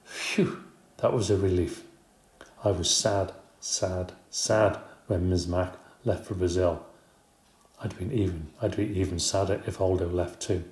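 A man reading a children's storybook aloud in an expressive, brisk way. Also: deep voice. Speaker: audiobook narrator. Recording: roomy echo.

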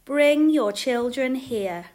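Lady reading jesus, gentle but firm, slow storybook voice. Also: on the high side. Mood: calling. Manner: calm, firm and kind. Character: gentle, warm grown man, Jesus.

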